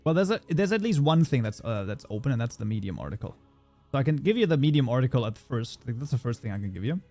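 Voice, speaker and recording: A man's voice: medium pitch, very animated, fast, dark tone, faint music behind. A man with a German accent, originally from Germany, hosting a casual livestream tutorial. He chats as he works, reading viewer messages aloud and answering them. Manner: chatty, reads viewer chat aloud and answers it. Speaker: modding streamer.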